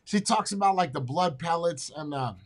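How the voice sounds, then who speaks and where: A man hosting a podcast in casual chat, talking bluntly and excitably with plenty of swearing. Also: fairly high pitch, moderate pace. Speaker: podcast host.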